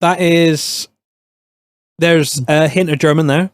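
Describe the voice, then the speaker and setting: A man co-hosting a podcast, making blunt deadpan jokes in casual chat. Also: a little high, slow pace, dry recording.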